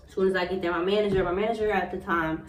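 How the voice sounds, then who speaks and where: A young woman vlogger telling a personal story in a blunt, profane, animated way. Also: fairly low pitch, very fast, far from the mic, slight background noise. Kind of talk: candid storytime monologue. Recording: roomy echo, a bit off-mic.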